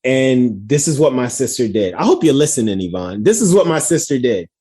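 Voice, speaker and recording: A man co-hosting a podcast, telling a story in an expressive, giggly way. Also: mid-range voice, brisk, breathy edge. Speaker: podcast co-host. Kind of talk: casual chat.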